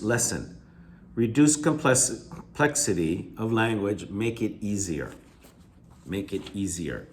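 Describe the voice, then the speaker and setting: A man with a fairly low voice goes through a reading passage in a video lecture. He restates each hard word with plain synonyms and says things twice. He lifts his pitch on examples, and his phrase ends fall off quietly. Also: slight background noise. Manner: restates key words with simple synonyms, often repeating himself. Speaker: English teacher. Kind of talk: video lecture going over reading answers.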